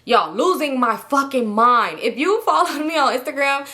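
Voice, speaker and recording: Young woman, bright voice, higher pitch, animated profane storytime. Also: normal speed. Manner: animated, profane, acts out her own past texts and thoughts. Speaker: storytime vlogger. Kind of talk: casual storytelling to viewers.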